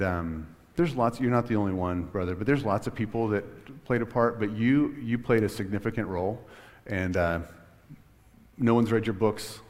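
Middle-aged guy preaching, super low voice, rambly with lots of ums, big echoey church. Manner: conversational, many fillers and restarts. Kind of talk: sermon with personal story. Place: church sanctuary. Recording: long hall reverb. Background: long reverb of a large church.

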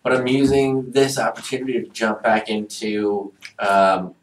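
A man's voice: fairly low pitch, flat delivery, a little slow, slight background noise. A man hosting a podcast interview, teasing his guest and prodding with questions. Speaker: podcast host. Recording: roomy, mic at a distance.

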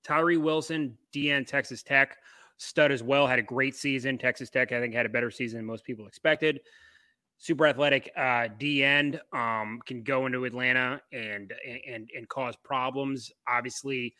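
Guy cohosting a sports podcast, bright voice, dry close sound, rambles with lots of ums. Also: mid-range voice, fairly even intonation, normal speed, dry recording. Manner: loose, rambling, many fillers. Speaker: podcast co-host. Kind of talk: casual sports podcast chat.

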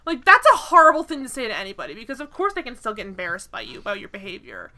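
A woman co-hosting a casual chat, retelling a sitcom episode in an animated, exasperated way. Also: fairly high pitch, rapid-fire. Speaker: podcast co-host recapping a sitcom.

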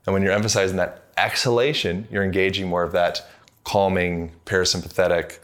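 Deep-voiced guy chatting on a podcast, rambly, lots of "you know" and "like". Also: fairly quick. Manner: relaxed, rambling explanations with many fillers. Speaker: podcast guest, movement coach. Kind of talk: conversational interview.

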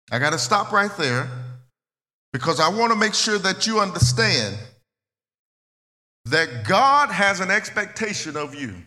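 A man preaching a sermon as pastor, talking plainly and conversationally, repeating phrases and swinging between loud and soft. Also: on the high side, big pitch swings, a little slow, long reverb tail, soft background music.

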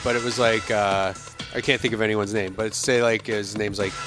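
A man's voice: fairly low pitch, fairly even intonation, moderate pace, music in the background. A man co-hosting a comedy podcast, chatting casually and breaking into sing-song bits. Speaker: podcast co-host.

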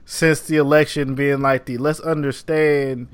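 A man's voice: mid-range voice, level tone, unhurried, a little hiss or hum. A man who makes a webcomic, a guest on a podcast, talking loosely and animatedly with a lot of "like". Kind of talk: casual podcast conversation.

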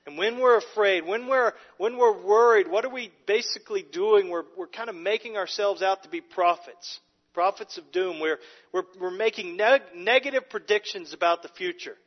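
Male pastor, fairly high voice, emphatic sermon delivery with restarts; muffled sound, long reverb. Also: normal speed. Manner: emphatic preaching with frequent repeated words and restarts.

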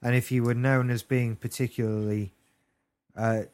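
A man's voice: mid-range voice, little pitch movement, moderate pace, a little mellow, clear, resonant tone. A British man chatting casually as a podcast co-host, with wry, jokey asides. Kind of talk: casual chat.

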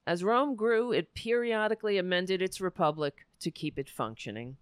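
A woman host talking on air in a smooth, clear voice, recorded close and dry. She rambles and restarts, her words dropping to soft murmurs, and she sounds close to tears. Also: on the low side, animated, moderate pace, hardly any pauses, no room sound. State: near tears. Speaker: talk show host. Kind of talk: casual on-air monologue.

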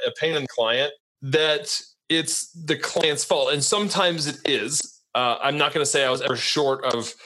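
A man's voice: medium pitch, sharp tone. A man hosting a podcast interview, talking in a loose, rambling way and often checking in with "right?". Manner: rambling, conversational, many tag questions. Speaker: podcast host. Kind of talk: casual interview chat.

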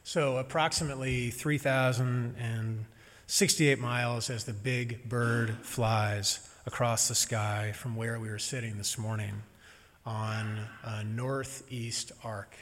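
Slow-spoken minister in an echoing hall. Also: male voice, mid-range voice, steady tone. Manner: gentle, reflective, lightly humorous. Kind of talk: sermon.

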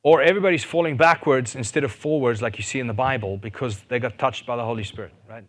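A man preaching a sermon, animated, rising to loud fervent peaks and asking his listeners questions. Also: medium pitch, fast talker. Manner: asks the audience questions and jokes.

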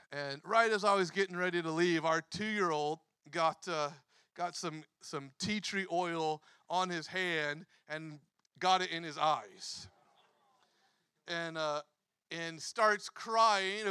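High, bright-voiced man preaching, animated. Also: clear, resonant tone, no echo. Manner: animated, acts out quotes, laughs often. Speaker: pastor. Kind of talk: sermon storytelling.

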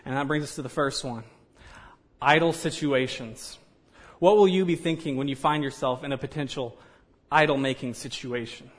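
Male preacher, sermon, conversational, joking asides, medium pitch. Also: normal speed. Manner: conversational, joking asides, frequent "you know".

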